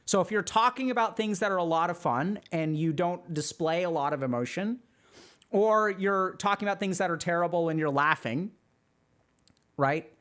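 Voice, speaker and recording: This streamer, who also teaches psychiatry, walks through ideas in a loose, lively, conversational style peppered with fillers. He speaks in a high voice at a moderate pace.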